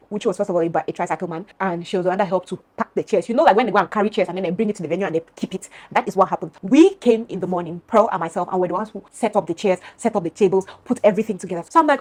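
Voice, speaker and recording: A woman's voice: medium pitch, rapid-fire. A young woman from Cameroon vlogging casually, telling a long story to her viewers and acting out both sides of an argument. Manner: animated, addresses viewers as "guys", acts out both sides of a dispute.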